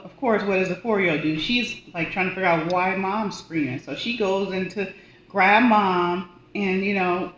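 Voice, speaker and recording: A woman who works as a hospice volunteer and death doula, telling a personal story in a casual, animated way. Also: mid-range voice. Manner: animated, acts out quoted voices. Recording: roomy, dull audio with faint noise.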